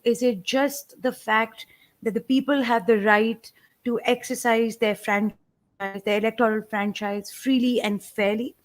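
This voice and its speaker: Careful woman interviewer. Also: a little high. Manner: careful, listing questions. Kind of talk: interview questions.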